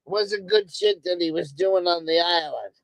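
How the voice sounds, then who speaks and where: A woman's voice: on the low side, unhurried, gravelly, no echo, low-quality recording. A woman streamer on a profane, angry monologue who hammers on the same words again and again. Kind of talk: ranting monologue. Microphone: streaming microphone.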